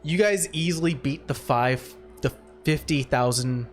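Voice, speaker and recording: A man with a high voice narrates a tabletop game as its game master. He talks loosely, with many fillers and restarts. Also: measured pace, faint music behind.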